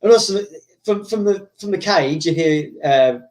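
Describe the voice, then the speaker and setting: A man's voice: high voice, lively intonation, moderate pace, a little mellow. Male host, casual rambling storyteller, full of fillers and acted-out voices.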